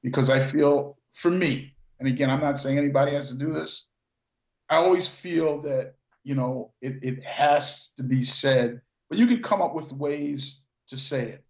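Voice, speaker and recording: An older man and former car dealer telling stories in a relaxed, reflective way, repeating words and using lots of fillers. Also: a little high, moderate pace. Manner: reflective, restarts and repeats words, many "you know" fillers. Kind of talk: casual storytelling conversation. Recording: echoey, dull lo-fi sound.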